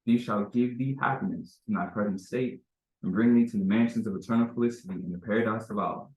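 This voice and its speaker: A man with a fairly low voice reads scripture in a measured, solemn way at a temple meeting. His words ring out through an echoey room. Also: a little mellow. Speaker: temple member reading scripture. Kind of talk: scripture reading at a religious meeting.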